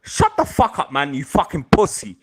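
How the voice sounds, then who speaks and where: A man's voice: fairly high pitch, huge pitch swings, moderate pace, slightly rough. A man on an online call, taunting and insulting another caller in heated trash talk. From Southall, London. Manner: taunting, insulting, repeats lines.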